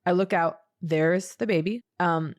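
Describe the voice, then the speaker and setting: Rambling, animated woman telling a story. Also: lowish voice, measured pace. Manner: animated, rambling, acts out quotes. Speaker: podcast co-host. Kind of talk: casual chat, storytelling.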